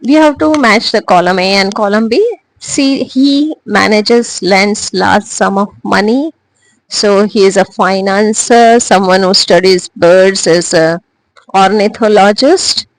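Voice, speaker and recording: A woman teacher, giving a recorded lesson slowly, with frequent hesitations and restarts. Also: medium pitch, no echo, poor audio. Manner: slow and deliberate, with frequent "uh" and restarts. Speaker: English teacher.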